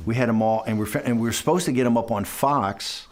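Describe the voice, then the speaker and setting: A man in an interview spinning a long anecdote at a middling pitch. He talks in loose bursts, doubling back on his words and slipping into the voices of the people in his story. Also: fast. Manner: rambling, animated, restarts and acts out quoted dialogue. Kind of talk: conversational storytelling.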